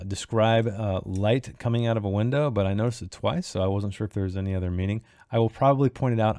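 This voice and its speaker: A man hosting a book club read-along, reading passages aloud and then thinking out loud with lots of fillers and restarts. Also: on the low side, no echo, studio quality. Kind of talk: casual read-along discussion.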